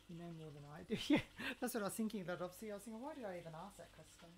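A woman's voice: lowish voice, expressive, racing, few pauses, background noise. A woman hosting a casual live cooking stream from her kitchen, camp and cheeky, chatting and reading viewer comments aloud. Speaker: cooking livestream host.

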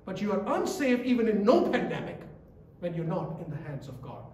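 High-voiced male preacher in echoey church. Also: very animated, fairly quick, a little mellow, far from the mic, slight background noise. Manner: emphatic and repetitive, quizzing the congregation. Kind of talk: sermon.

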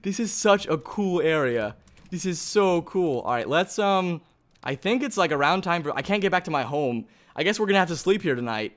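A man hosting a gaming video, giving excitable, chatty let's play commentary and thinking aloud. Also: on the high side, normal speed.

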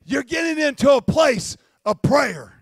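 A male pastor preaching a sermon with fervent, shouting, rhythmically repeated phrases. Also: extremely high pitch, lively intonation, unhurried, gravelly, no echo.

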